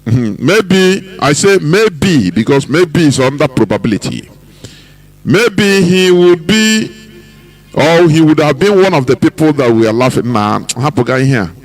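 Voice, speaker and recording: A Nigerian man hosting a political radio broadcast, delivering commentary in an emphatic, preaching manner with drawn-out phrases. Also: on the high side, lively intonation, faint music behind, rough recording. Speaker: radio host.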